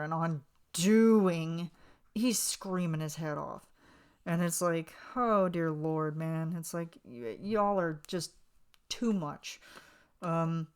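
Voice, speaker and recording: A woman hosting a podcast, chatting casually and emotionally about a music video, with lots of fillers and restarts. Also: on the low side. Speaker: podcast host. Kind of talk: casual fan commentary.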